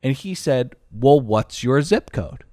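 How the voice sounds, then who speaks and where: A man's voice: medium pitch, animated, takes it slowly, mellow, no echo, clean studio sound. A man co-hosting a podcast, telling a story in a casual, exasperated way and swearing freely. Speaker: podcast co-host.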